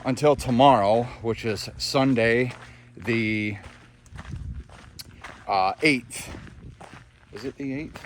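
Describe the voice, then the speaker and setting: A man's voice: mid-range voice, slight background noise. A man narrating a casual hiking vlog outdoors on a park trail, chatting to viewers as he walks. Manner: relaxed, chatty, talks to viewers while hiking. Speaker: hiking vlogger.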